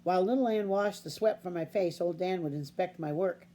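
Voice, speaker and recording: A woman reading a children's novel aloud in a steady, unhurried storybook narration. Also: lowish voice. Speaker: audiobook reader.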